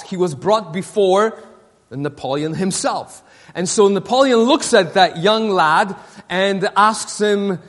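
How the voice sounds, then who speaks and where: Pastor guy, high voice, stumbles and repeats himself a lot, church sermon w/ long echo. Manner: halting, repeats words, many fillers. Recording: long reverb of a hall.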